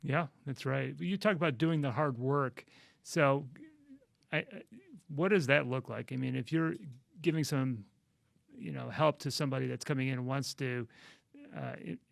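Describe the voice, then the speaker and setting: A man with a gravelly voice at a middle pitch asks his guest long questions, pausing and restarting as he goes. His voice sounds dry and close. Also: no room sound. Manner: halting questions with many fillers and restarts. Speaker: interview host. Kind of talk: interview questions.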